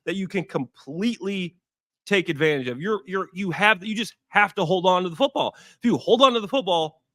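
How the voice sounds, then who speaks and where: A man's voice: sits high, lively intonation, a little fast, a bit bright, no room sound, studio quality. A man in his thirties, a former pro football player, talking through a game in casual, emphatic analysis and repeating key points for stress. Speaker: former NFL player, guest. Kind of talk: casual sports analysis chat.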